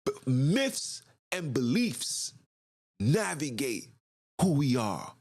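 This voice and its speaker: Male podcast host, ranting, emphatic, rhetorical questions, very animated pitch. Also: takes it slowly, slightly rough. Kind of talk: impassioned monologue.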